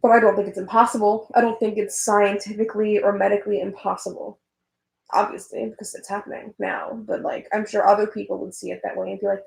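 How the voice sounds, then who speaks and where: Gravelly-voiced woman rambling while she draws. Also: medium pitch, flat delivery, a little fast, darkish tone, echoey room, low-quality recording. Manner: rambling, swears casually, gets heated. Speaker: artist vlogger. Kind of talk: casual chat while drawing.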